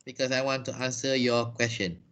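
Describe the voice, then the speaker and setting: A man's voice: medium pitch, little pitch movement, a little fast, fairly bright tone, smooth. Patient Malaysian man teaching English online. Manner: patient, explains step by step. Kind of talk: online class Q&A. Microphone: video call.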